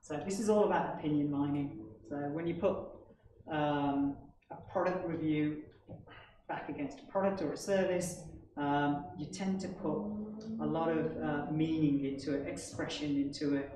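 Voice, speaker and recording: A man's voice: fairly high pitch, fairly even intonation, normal speed. A man giving a technical conference presentation in an explanatory way, often checking in with the audience. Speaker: conference speaker. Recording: echoey hall, distant mic, background noise.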